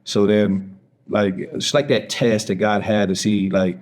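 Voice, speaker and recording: Low-voiced man telling his story. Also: steady tone, measured pace, a little mellow. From Texas. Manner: candid, acts out quoted voices. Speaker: podcast guest. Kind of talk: emotional personal storytelling.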